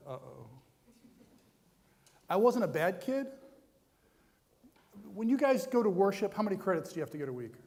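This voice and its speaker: Man, American, personal testimony, conversational, self-deprecating, slightly high voice, long hall reverb. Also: a little mellow. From United States. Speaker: guest speaker.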